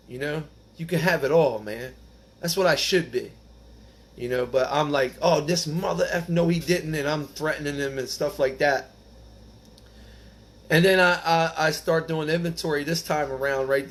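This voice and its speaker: A man telling his own recovery story in an earnest, halting way, often restarting his words. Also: mid-range voice, a little hiss or hum. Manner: earnest, halting, rises when reading the text aloud. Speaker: recovery group speaker. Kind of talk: personal testimony.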